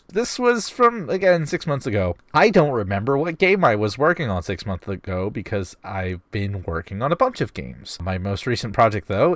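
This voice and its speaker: A young man in his twenties talks through a casual question-and-answer vlog, his nose audibly stuffed up. His voice sits on the lower side but swings up and down with animated inflection, and his humor is wry and self-deprecating. The sound is dry, with almost no room around it. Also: dry recording. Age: 20s. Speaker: vlogger.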